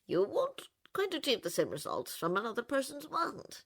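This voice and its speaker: A woman voicing an old male wandmaker who speaks in a measured, knowing way. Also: a little high, huge pitch swings, a bit bright, pitched above the performer's own voice, full character voice.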